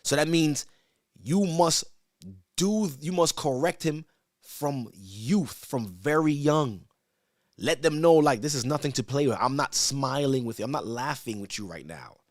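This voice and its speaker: A man who is a church elder, teaching from the Bible in a casual, conversational way, asking rhetorical questions and reading verses slowly with emphasis. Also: mid-range voice, lively intonation, dry recording, studio quality. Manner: conversational, asks rhetorical "right?", stammers repeats.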